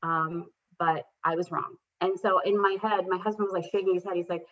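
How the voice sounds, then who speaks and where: A woman's voice: lowish voice, steady tone, brisk, hardly any pauses. A woman in her thirties, a guest telling a candid story about parenting with self-deprecating humor, livening up when she quotes her children. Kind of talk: casual conversational storytelling. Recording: dull lo-fi audio.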